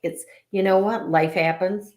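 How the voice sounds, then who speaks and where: A woman's voice: medium pitch, steady tone, unhurried, reverberant. A woman co-hosting a casual spiritual chat, talking loosely with many fillers and easy laughs. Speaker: co-host.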